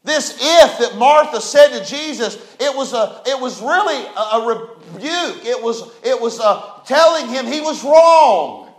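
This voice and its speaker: Male preacher, very high voice, folksy and emphatic, echoey church. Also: expressive, measured pace, few pauses. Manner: folksy, emphatic, rising to shouts. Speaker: pastor. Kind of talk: sermon.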